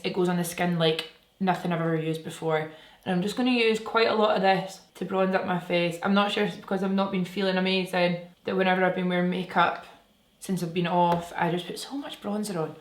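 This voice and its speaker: Chatty woman in an echoey room. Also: lowish voice. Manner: chatty, enthusiastic, talks while working. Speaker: beauty vlogger. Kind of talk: makeup tutorial chat.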